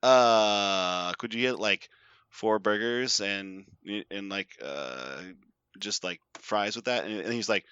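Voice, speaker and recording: A man's voice: fairly low pitch, lively intonation, measured pace, fairly bright tone, clean tone, dry recording, lo-fi sound. A young man on a podcast telling a story in casual chat, acting out quotes and laughing often. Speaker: podcast host.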